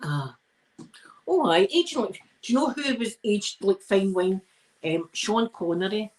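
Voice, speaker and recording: A woman's voice: medium pitch, lively intonation, a little slow, a little mellow, rough recording. A tired Scottish woman chatting casually while ironing on a livestream, rambling and self-mocking between yawns. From Scotland. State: tired and yawning. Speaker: ASMR livestream host.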